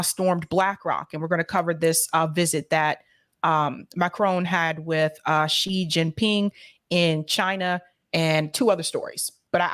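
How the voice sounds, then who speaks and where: A woman with a lowish voice gives a fast, casual preview of her upcoming news show, with plenty of ums and uhs. The sound is dry and close. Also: a bit bright, no echo. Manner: quick rundown with fillers, rushing to leave. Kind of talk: casual chat.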